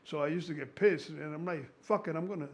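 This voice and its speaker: A man in his sixties, a strength coach, talking casually in an excitable, profane, rambling way with a gravelly voice. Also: on the high side, fast talker. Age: 60s. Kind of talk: casual conversation.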